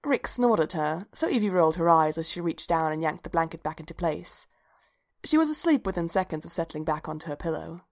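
A woman reading fan fiction aloud in an even, unhurried storytelling manner. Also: deep voice. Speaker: reader.

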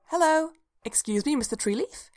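A woman's voice: sits high, animated, normal speed, darkish tone, soft background music, pitched above the performer's own voice. A woman voicing a proper, bookish young woman archaeologist who speaks in a polite, formal and slightly fussy way, in a storybook reading. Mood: puzzled.

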